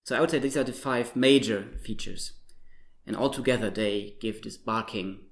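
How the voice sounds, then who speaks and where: A man's voice: lowish voice, normal speed. A man whose first language is German, a linguistics researcher, explaining pronunciation step by step and demonstrating sounds. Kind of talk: explanatory interview talk.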